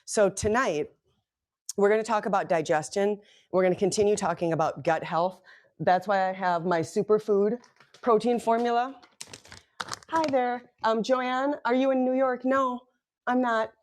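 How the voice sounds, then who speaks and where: A woman's voice: medium pitch, normal speed. Chatty woman hosting a live stream. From Midwest US. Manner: chatty, greets viewers by name, frequent ums. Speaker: livestream product presenter. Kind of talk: casual live-stream chat.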